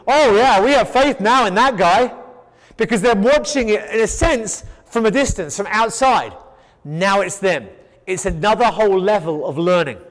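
Male Bible teacher, sermon delivery, high voice, emphatic repetition, stammered restarts; hall reverb. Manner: emphatic, repetitive rhetorical build-ups.

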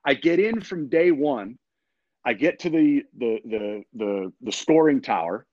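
Animated man telling a story in slang. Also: mid-range voice, a little slow, no room sound. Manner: energetic, laid-back slang, frequent restarts. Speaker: podcast guest. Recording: dull, dry lo-fi sound.

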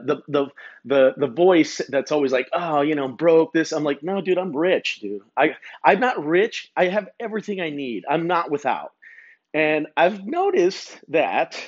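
A man's voice: on the high side, highs cut off. A man hosting a solo podcast, rambling through a laid-back, profane monologue full of stammered restarts. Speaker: podcast host.

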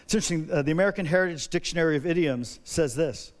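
A man's voice: a little high, rapid-fire. A middle-aged male pastor preaching a sermon, emphatic and repetitive, building energy by repeating phrases.

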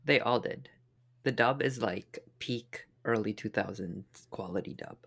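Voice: mid-range voice, a little slow, vocal fry, a bit bright, husky. A co-host in casual chat, blunt and teasing, with a sarcastic edge.

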